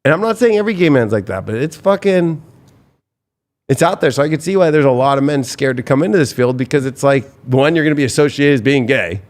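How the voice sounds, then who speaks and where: A man's voice: mid-range voice, animated, quick pace. A man, a tarot reader, telling stories in a rambling, profane way on a casual podcast, full of restarts.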